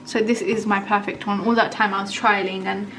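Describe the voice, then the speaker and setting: A woman's voice: mid-range voice, flat delivery, a little fast, fairly bright tone, slight background noise, poor audio. A young woman giving brief, laid-back explanations while cooking in a home kitchen. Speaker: cooking vlogger. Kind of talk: casual cooking chat.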